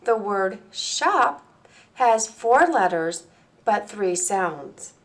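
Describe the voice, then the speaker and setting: A woman presenting a training lesson for teachers, speaking clearly and deliberately and slowing down to model words and sounds. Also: mid-range voice, very animated. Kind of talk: instructional presentation.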